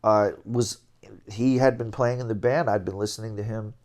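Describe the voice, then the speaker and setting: A man's voice: fairly low pitch, moderate pace. Middle-aged man telling jazz stories. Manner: animated anecdotes, chuckling, scatting melodies. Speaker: interview guest, jazz trombonist. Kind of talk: relaxed storytelling.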